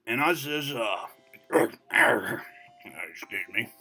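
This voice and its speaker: An ancient, boastful old-timer voiced by a man spins a rambling yarn, wandering off into digressions and padding every phrase with "you know." His voice sits a little low yet rings very bright and forceful, with faint music behind him. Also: lively intonation, extremely slow, breathy edge, full character voice. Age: over 60. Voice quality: folksy drawl full of "you know" fillers. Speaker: storyteller. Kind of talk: comedic character monologue.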